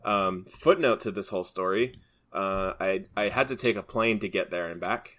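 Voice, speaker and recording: Low-voiced man chatting casually. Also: normal speed, fairly bright tone. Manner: rambling, many fillers and restarts. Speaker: podcast co-host. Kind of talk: casual chat.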